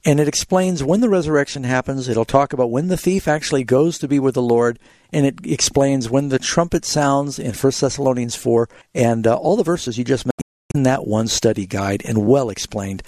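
A man's voice: mid-range voice, normal speed, darkish tone, no room sound. A man hosting a radio call-in show as a pastor, explaining scripture in a teacherly way and telling short illustrative stories. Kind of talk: radio call-in Bible answers. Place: radio studio.

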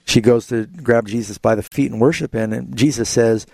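A man's voice: medium pitch, moderate pace, vocal fry, darkish tone, no echo. A man hosting a call-in radio Bible program, confidently explaining scripture to callers.

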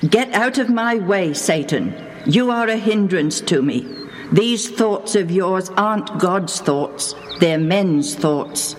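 A woman's voice: mid-range voice, expressive, slow, in a large hall. A woman reading a stern, firm male teacher. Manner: stern and sharp. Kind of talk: storybook narration. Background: music.

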